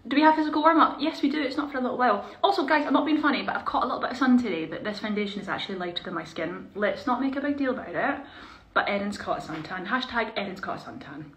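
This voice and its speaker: A young woman chats away to her viewers while putting on makeup, bubbly and talkative, slipping now and then into soft mutters. Her voice is bright and clear. It is picked up on a phone in a small, echoey room with a faint hiss. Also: fairly high pitch, lively intonation, rapid-fire, few pauses. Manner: chatty, bubbly, drifting into quiet mutters. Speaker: performer hosting a live stream. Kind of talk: casual live-stream chat while doing makeup.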